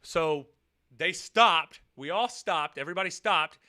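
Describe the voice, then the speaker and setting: Man, vlogger; high, smooth voice; profane, animated storyteller. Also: unhurried. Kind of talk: casual storytelling vlog.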